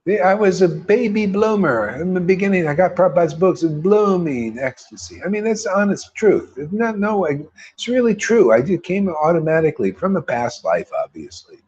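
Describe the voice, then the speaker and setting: A man's voice: sits high, sing-song, normal speed, a little mellow, breathy edge, highs cut off. A man giving a casual, rambling devotional talk with a laid-back manner, often tossing in "man". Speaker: devotional speaker.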